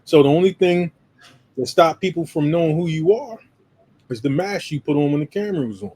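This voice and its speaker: A man with a husky, slightly rough voice drives home his points with emphatic, preacher-like insistence. He talks as a co-host in a casual discussion. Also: a little high, fairly quick, warm tone, low-quality recording. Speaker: podcast co-host.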